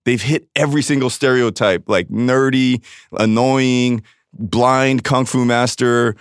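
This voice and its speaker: Profane male storyteller from LA, middle pitch, dry studio mic. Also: steady tone, slow, clean tone, dry recording. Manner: blunt, profane storyteller who acts out quotes. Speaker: podcast guest. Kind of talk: casual podcast chat.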